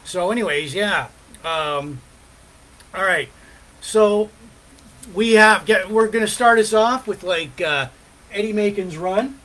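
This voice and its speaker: Rambling high-voiced man hosting a live show. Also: a bit bright, poor audio. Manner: rambling, many fillers and pauses. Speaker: podcast host. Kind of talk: casual live-stream chat.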